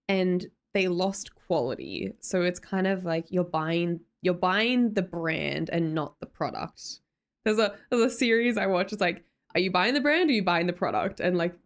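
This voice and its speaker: A chatty young Australian woman talks casually to her livestream audience, reading out viewer comments as she goes. Her pitch sits in the middle range for a woman. She laughs easily and often corrects herself mid-sentence. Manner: chatty and giggly, with frequent fillers and self-corrections. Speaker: livestream host.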